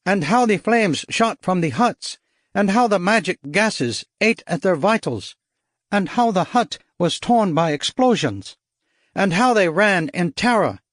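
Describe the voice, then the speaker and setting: A man voicing an excitable male jungle guide who speaks in halting, formal phrases in an audiobook. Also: high-pitched, no room sound, studio quality, voice pushed up. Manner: exclaiming, halting formal speech. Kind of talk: audiobook character voice.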